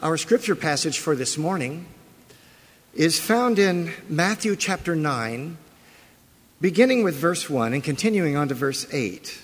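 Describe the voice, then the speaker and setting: Male pastor, fairly high husky voice, lively storytelling sermon, long church reverb. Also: a little slow. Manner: animated storytelling preacher, asks the congregation questions. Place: church sanctuary.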